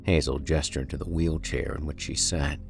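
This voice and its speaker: Very deep, gravelly male horror narrator. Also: steady tone, faint music behind. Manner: slow, deliberate and dark. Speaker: podcast storyteller. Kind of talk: dramatic horror story narration.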